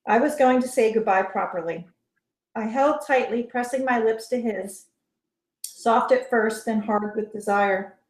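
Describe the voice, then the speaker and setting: A woman author reading her first-person novel aloud in soft, measured narration. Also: on the high side. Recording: roomy echo.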